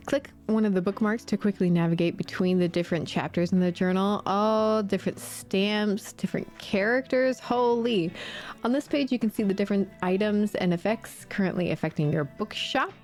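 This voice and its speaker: A woman's voice: on the low side, darkish tone. Chatty woman in her thirties gaming. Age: 30s. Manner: chatty, giggly, reads game text aloud. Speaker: gamer. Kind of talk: casual let's play commentary.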